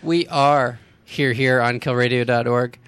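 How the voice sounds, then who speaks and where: A man's voice: medium pitch, steady tone, unhurried, a bit bright, clean tone, no room sound. A man co-hosting a community radio music show, wry and sardonic, laughing as he riffs on the news. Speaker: radio co-host. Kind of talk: casual radio banter.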